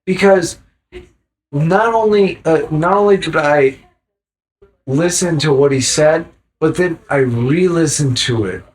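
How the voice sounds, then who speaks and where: A man with a somewhat high voice talks slowly and emphatically, rambling through his points with casual swearing. He sounds tipsy from drinking, a guest in a loose, unscripted chat. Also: rough recording. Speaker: podcast guest.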